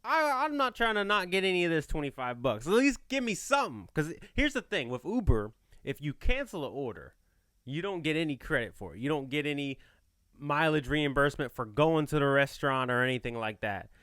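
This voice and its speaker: A man tells a story on a podcast. His voice sits high and bright for a man and swings widely in pitch. The sound is close and dry. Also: a little fast, clean tone, dry recording. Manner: animated, playful, slips into quoted voices. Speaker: podcast host. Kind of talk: casual storytelling chat.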